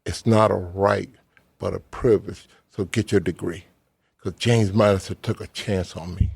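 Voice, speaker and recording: A middle-aged man, a former football player, tells an earnest story in plain words as a guest on a talk show, pausing often with "um.". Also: deep voice, steady tone, gravelly, darkish tone, slightly rough, no room sound. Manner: earnest, plain-spoken, pauses with "um". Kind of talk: storytelling in a casual chat.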